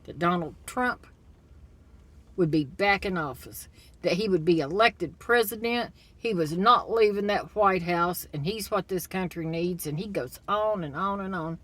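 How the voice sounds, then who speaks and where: A woman's voice: lowish voice, measured pace, fairly bright tone. Blunt, opinionated woman retelling a story. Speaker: commentator. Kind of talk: casual opinion monologue.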